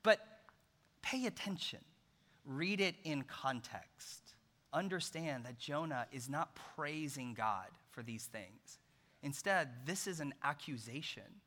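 Animated preacher with a forceful voice. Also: male voice, on the high side, slow pace. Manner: animated, jokey storytelling. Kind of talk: sermon. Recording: long hall reverb.

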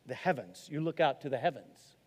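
A man's voice: mid-range voice, lively intonation, a little fast, husky, long reverb tail. A man from Arkansas, preaching an earnest, conversational sermon with many restarts. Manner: earnest and conversational, with many restarts and rising emphasis on key lines. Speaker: pastor.

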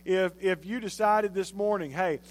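A male pastor giving a sermon, telling a story in an animated, conversational way. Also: high voice, normal speed.

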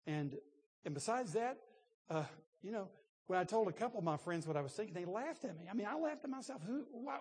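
Man, 60s, pastor, sermon, husky voice, chatty storytelling, long hall reverb. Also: sits high, expressive, brisk, a little mellow. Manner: conversational storytelling with laughs and restarts. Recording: long reverb in a large room.

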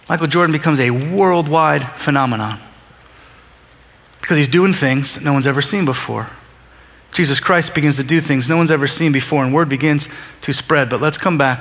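Bright-voiced pastor preaching in a reverberant hall. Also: male voice, fairly high pitch. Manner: conversational, acts out dialogue with voices. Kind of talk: sermon. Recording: long reverb of a large hall.

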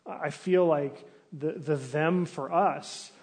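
A man's voice: fairly high pitch, takes it slowly, husky. A man preaching a sermon in a conversational way, asking the congregation searching questions and sometimes acting out complaints with animation. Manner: restarts and fillers, animated when acting out complaints. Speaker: pastor.

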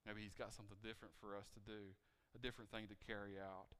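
A man preaching a sermon in a church, asking the congregation questions and moving between loud emphasis and quiet appeals. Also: fairly low pitch, flat delivery, fast talker, clean tone. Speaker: pastor. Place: church sanctuary. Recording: reverberant church hall, mic cutting out.

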